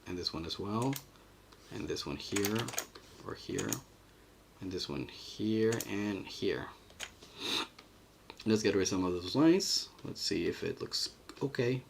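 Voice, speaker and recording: On a casual livestream, a man animates and thinks out loud, chatting about his drawing and reading the chat. His deep, gravelly voice is animated but slow, with long pauses, and a faint hiss or hum sits under it.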